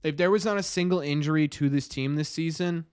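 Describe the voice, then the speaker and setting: A man's voice: on the high side, brisk, a little mellow, smooth, dry recording, studio quality. A young man hosting a live stream, chatting with viewers, talking in rambling, exasperated bursts with frequent restarts. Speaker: podcast host reading live chat. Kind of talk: casual live-stream game commentary.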